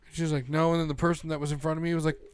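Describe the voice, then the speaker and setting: A young man co-hosting a casual chat, telling loud, profane stories. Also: on the high side, flat delivery, racing, smooth, no echo, studio quality. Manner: swearing, loud storytelling. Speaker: podcast co-host.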